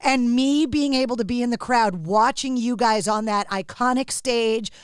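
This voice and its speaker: Middle-aged woman host, high bright voice, dry room, chatty radio interviewer. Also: normal speed, smooth, no room sound. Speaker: podcast host. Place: her radio studio.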